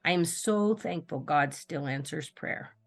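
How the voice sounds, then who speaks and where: A woman, a writing student, reading her own story aloud in a steady storytelling manner over a video call. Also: low-pitched, unhurried, faint music behind.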